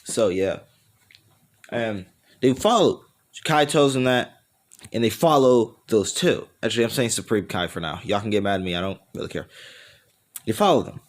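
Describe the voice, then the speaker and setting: A man's voice: fairly low pitch, expressive, moderate pace, long pauses. Rambling man narrating a fan story. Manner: rambling, self-correcting, laughs at himself. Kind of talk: casual improvised narration.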